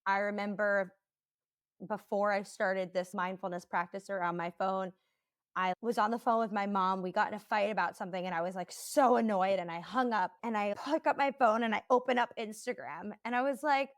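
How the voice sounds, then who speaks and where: A woman hosting a podcast, telling personal stories in an animated, chatty way and laughing easily. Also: medium pitch, a little fast, no room sound, studio quality. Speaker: podcast host. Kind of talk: casual podcast conversation.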